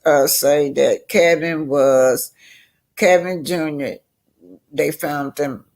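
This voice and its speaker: An older woman talks through a reality show in a slow, unhurried way. Her voice has a gravelly, creaky edge. She is chatty and emphatic, stretching words out for effect. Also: low voice, fairly even intonation, a little mellow. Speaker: reality TV commentator. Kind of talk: casual commentary.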